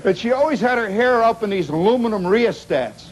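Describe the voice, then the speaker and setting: A middle-aged man telling a rambling comic story to a live audience, wry and animated, with dramatic pauses and sound effects. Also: high voice. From Indiana, United States. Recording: 1970s live recording with noisy audience.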